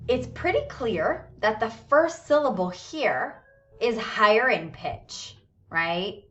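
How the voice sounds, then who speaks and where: A woman teaches English in a recorded classroom lesson, patiently walking through it and checking in often with her listeners. She slows down to model how words are pronounced. Her mid-range voice is fairly bright, though the lo-fi recording sounds dull.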